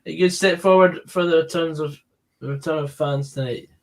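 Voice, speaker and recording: A man's voice: on the high side, steady tone, normal speed. A man hosting a live football stream, answering viewer questions in casual chat. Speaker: stream host.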